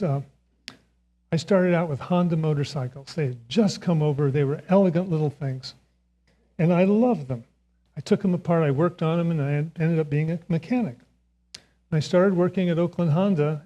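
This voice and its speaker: In a church sanctuary, an older man delivers the Sunday message, telling a self-mocking story and chuckling often. His voice sits on the high side but has a dark tone.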